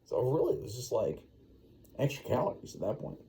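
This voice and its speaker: A dad caring for his baby at home tells a made-up bedtime story a little fast, his medium-pitched, dark-toned voice moving through big pitch swings. He's laid-back and rambling, full of "you know."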